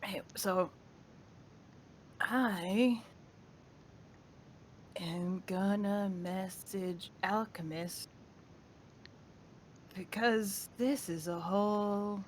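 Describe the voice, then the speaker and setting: A woman's voice: medium pitch, very slow, pauses often, slight background noise. A woman playing a tabletop game casually, rambling with many restarts. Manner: rambling, lots of restarts and fillers. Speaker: player.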